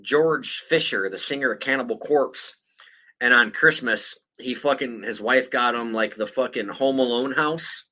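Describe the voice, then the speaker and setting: A man's voice: mid-range voice, a little slow, bright, forceful tone, low-quality recording. A man in his thirties hosting a podcast, rambling in casual chat with heavy swearing. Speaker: podcast host.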